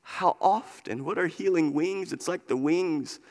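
A man's voice: a little high, a little slow, darkish tone. A man preaching a sermon, impassioned and repetitive, driving his points home with repeated phrases. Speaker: pastor. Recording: long hall reverb.

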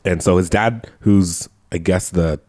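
Guy on a movie podcast, kinda low voice, laughs a lot while recapping, swears casually. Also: measured pace, darkish tone. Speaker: podcast co-host. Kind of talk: casual movie-review chat.

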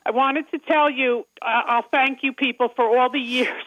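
A woman's voice: sits high, steady tone, moderate pace, dry recording. A woman with a thick Long Island accent, calling in to a radio show and chatting with frequent laughs. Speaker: caller. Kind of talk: casual phone call. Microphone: telephone. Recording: muffled phone line.

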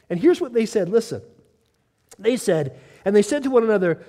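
Male pastor, animated sermon delivery with acted quotes; mellow tone, long hall reverb. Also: a little high, moderate pace, pauses often. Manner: animated preaching, acting out quotes, laughs.

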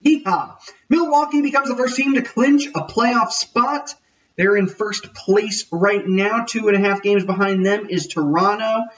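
A man's voice: sits high, measured pace, fairly bright tone, recorded from a distance, highs cut off. A man hosting a casual sports podcast, jokey and rambling, often correcting himself. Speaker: podcast host.

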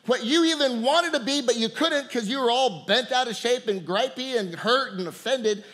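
High-voiced preacher man, calling out. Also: fairly bright tone. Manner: repeats words, calls out to the congregation, laughs often. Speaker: pastor. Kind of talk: sermon.

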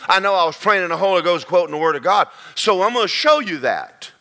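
An older man delivers a sermon in a folksy, emphatic way. His voice sits a little high and sounds bright and forceful. He drags out key words slowly to drive them home. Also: expressive. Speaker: preacher.

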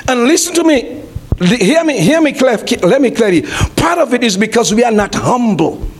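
A man in the pulpit, preaching with a voice that sits high for a man. He repeats his phrases, throws questions to the congregation and climbs into shouts. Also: big pitch swings, normal speed. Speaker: pastor. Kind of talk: sermon. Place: church.

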